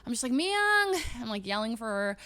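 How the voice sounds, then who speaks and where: A young woman streaming, telling a story to her chat in a casual, animated way, giggling and acting out sounds and voices. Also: medium pitch, rapid-fire, clear, resonant tone.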